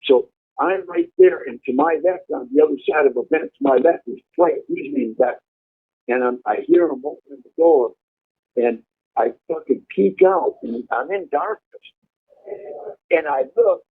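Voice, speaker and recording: Casual storyteller, male, raspy and fairly high-voiced, blunt and profane, phone-quality audio. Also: lively intonation, moderate pace. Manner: vivid, blunt, heavy swearing. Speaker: storyteller recounting prison life. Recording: tinny phone-like line.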